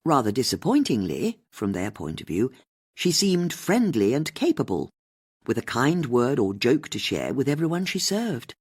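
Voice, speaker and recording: An audiobook narrator reading a mystery novel in an expressive storytelling manner. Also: mid-range voice, moderate pace, slightly rough.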